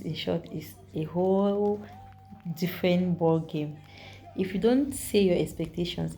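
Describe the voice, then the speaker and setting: A woman with a Nigerian accent telling a story to the camera in a chatty, animated vlog, repeating herself and adding asides. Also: sits low. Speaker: vlogger.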